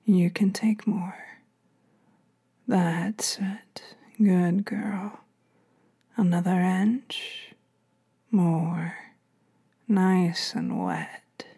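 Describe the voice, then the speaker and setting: A woman voicing a dominant man who gives soft, low, whispered commands. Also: lively intonation, extremely slow, vocal fry, pauses often, slightly rough, full character voice. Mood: commanding.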